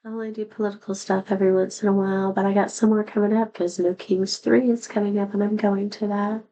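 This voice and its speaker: A middle-aged woman talks fast and flatly to the camera, her medium-pitched voice dark in tone and a little worn because she has been sick and hasn't fully recovered it. The vlog is a rambling personal monologue, confessional, sad and candid, and the recording is low quality.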